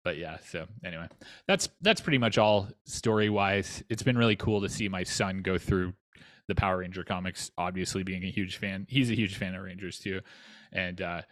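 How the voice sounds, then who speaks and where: A man's voice: low-pitched, moderate pace, fairly bright tone, no room sound. A man who lives in North Texas, chatting casually as a podcast co-host, rambling with lots of restarts and fillers. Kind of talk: casual chat.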